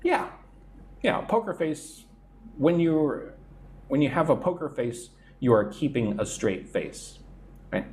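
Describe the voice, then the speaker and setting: Slow, lively English teacher, man. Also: fairly high pitch, a little hiss or hum. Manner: explains idioms and reads out chat comments, repeating "right?". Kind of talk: live-stream idiom lesson.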